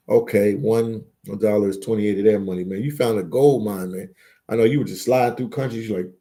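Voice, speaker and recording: A man's voice: fairly low pitch, fast, warm tone. A man hosting a casual live stream, reading chat aloud and bantering, repeating words and phrases as he goes. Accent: Philadelphia.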